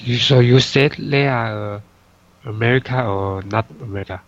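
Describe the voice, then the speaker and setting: A man's voice: medium pitch, normal speed, highs cut off. A man taking an English lesson as a student, giving hesitant, brief replies.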